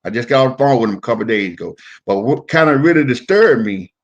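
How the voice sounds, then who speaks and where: A middle-aged former wrestler telling stories in a casual interview, profane and animated, acting out the voices of the people in them. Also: male voice, mid-range voice, quick pace. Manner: profane, animated storyteller who acts out quotes.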